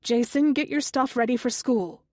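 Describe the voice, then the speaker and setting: A woman voicing an exasperated, stern mother who scolds her son in a raised, sharp voice, in an audiobook. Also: sits high, normal speed, no room sound, studio quality, voice pushed up, lightly acted. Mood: firm. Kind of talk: audiobook character voice.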